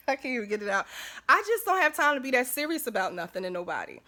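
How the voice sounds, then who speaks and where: A woman talking casually to camera as a vlogger, chatty and warm-hearted in her asides, often asking "you know what I'm saying". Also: high voice, big pitch swings, a little fast, pauses often.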